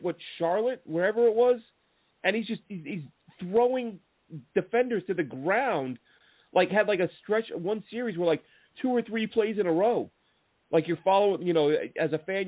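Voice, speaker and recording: A man chats on a sports podcast in an animated, rambling way, restarting his sentences as he goes. His voice sits fairly high. The sound is thin and phone-like, with no room echo at all. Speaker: podcast host. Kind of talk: casual sports podcast chat. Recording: tinny phone-line sound, dry.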